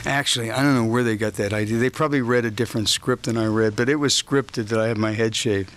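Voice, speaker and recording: A man's voice: medium pitch, fast talker. A man being interviewed about a film role at a press junket, telling rambling stories with easy chuckles. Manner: relaxed, rambling storytelling with chuckles. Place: hotel press junket room, indoors.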